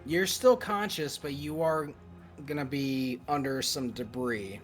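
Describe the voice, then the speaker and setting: A man's voice: medium pitch, measured pace, faint music behind. A man narrating as game master of a tabletop role-playing game, loose and hesitant with fillers.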